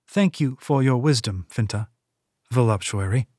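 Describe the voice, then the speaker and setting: A man's voice: medium pitch, lively intonation, normal speed, a little mellow, slightly rough, no room sound, studio quality. A man voicing a wary young male thief in an audiobook, speaking in a guarded, terse way. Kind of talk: audiobook character voice.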